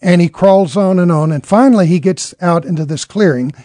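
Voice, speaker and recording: A man's voice: high-pitched, brisk, mellow, no room sound, clean studio sound. A man telling a dramatic story in an earnest way, acting out the characters' lines as he goes.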